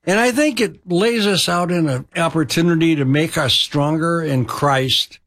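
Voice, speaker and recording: A man's voice: fairly high pitch, a bit bright. Emphatic man preaching a story. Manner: emphatic, slows down for key phrases. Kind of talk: sermon storytelling.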